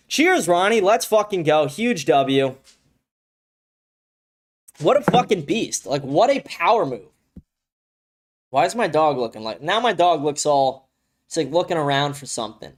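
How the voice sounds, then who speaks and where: Young male streamer, slightly high voice, blunt and profane, ranting with sudden excited outbursts. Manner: animated, bursts of excited shouting. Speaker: livestream show host. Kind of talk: casual livestream commentary. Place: home, with a dog nearby.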